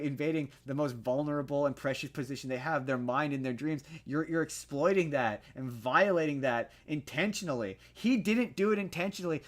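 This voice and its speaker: A young man on a podcast, recapping a film in a loose, rambling way. He trips over restarts and fillers and grows heated as he argues his point. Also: fairly high pitch. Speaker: podcast co-host. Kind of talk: casual movie review chat.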